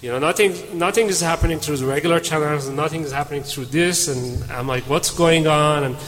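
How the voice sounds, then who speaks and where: A man's voice: fairly high pitch, fairly quick. Man telling a story in a reverberant hall. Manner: animated storyteller, acts out dialogue. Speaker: panel speaker. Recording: reverberant hall, faint room noise.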